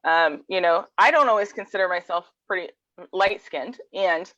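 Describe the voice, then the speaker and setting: A woman co-hosting a casual video-call chat, talking in a relaxed, conversational way. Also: on the low side, normal speed, dry recording, muffled recording. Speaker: co-host.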